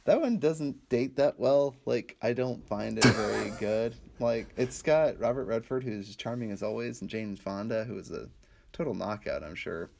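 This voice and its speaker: A young man with a lively, often laughing way of talking, co-hosting a casual chat about movies. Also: medium pitch, moderate pace, gravelly. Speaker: podcast co-host.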